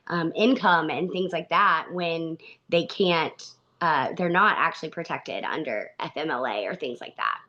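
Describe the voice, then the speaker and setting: A woman's voice: fairly low pitch, a bit bright. Earnest woman guest, slightly muffled. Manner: earnest, halting, frequent restarts. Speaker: podcast guest. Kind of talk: conversational interview.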